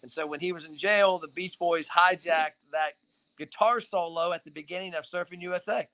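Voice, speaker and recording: A man's voice: sits high, steady tone, moderate pace, pushed and bright. A young man hosting a casual live-stream chat from a back-porch hammock, teasing and playful. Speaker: host. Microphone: phone camera.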